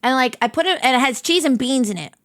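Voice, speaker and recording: A woman streamer tells her chat a story casually, acting out its quotes in an animated way. Her voice is high and quick, recorded dry at studio quality.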